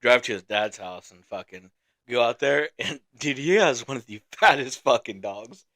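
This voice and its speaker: Animated, laughing young podcast man. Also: medium pitch, normal speed. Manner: swearing, laughing storyteller, animated. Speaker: podcast co-host. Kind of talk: casual storytelling chat. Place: studio.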